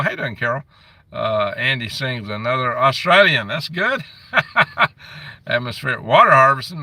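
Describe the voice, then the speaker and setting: A man's voice: medium pitch, vocal fry, pushed and bright, dry recording, distant mic. A man hosting a casual live stream on his phone, chatting and grumbling as he reads out where viewers are from. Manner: reads out viewer comments and locations.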